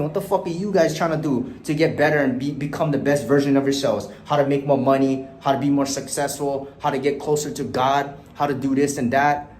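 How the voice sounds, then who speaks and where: A young adult man, a motivational vlogger, rants casually and bluntly to camera about communication, swearing often and ending sentences with "right?" His voice is medium-pitched and a little mellow, with slight hiss or hum, as he moves from his bedroom to walking a street outdoors.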